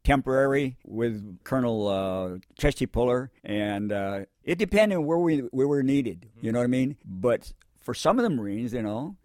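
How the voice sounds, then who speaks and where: A man's voice: medium pitch, lively intonation, moderate pace, hardly any pauses, darkish tone, dry recording, clean studio sound. Older man telling war stories. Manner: rambling, repeats himself, acts out quotes. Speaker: WWII Marine veteran interviewee. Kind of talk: oral history interview, storytelling.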